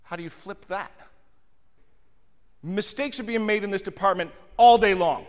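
A man's voice: high-pitched, moderate pace, in a large hall. A man giving a motivational seminar on communication, telling stories expressively and addressing the audience directly. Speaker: hospitality communication trainer. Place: large function room with audience.

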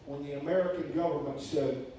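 Animated preacher in an echoey church. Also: male voice, fairly high pitch, a little fast. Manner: animated, acts out quoted voices loudly. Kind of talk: sermon storytelling to a congregation. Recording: echoey hall, distant mic, faint hiss.

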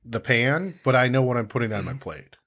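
A man's voice: medium pitch, lively intonation, a little fast, a bit bright. A man co-hosting a casual podcast chat, rambling and trailing off as he tells stories. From Wisconsin. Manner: rambling, trails off, laughs easily. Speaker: podcast co-host.

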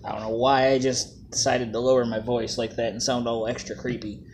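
A man's voice: medium pitch, little pitch movement, brisk, a little mellow, slight background noise. A man casually reviewing vape juices, joking and plain-spoken in a laid-back way.

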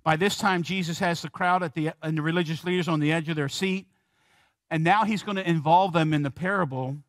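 A male pastor preaches a sermon in a church, his voice sitting high for a man. He leans hard on key words, slows down for effect and puts questions to his listeners. The sound is dry and close, with little room echo. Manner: asks the congregation questions.

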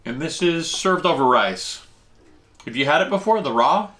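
Bright-voiced man chatting through a tasting. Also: moderate pace. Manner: chatty, explains Japanese food terms while tasting; eats while talking, with lively jumps in pitch. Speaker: food vlog host. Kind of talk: casual food-tasting chat.

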